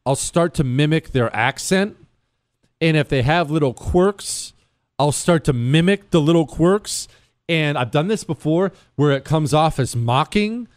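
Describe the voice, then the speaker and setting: A man's voice: fairly high pitch, animated, unhurried, no echo. A middle-aged man from Ohio hosting a talk show, casually bantering and mocking himself while teasing his producer. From Ohio, USA.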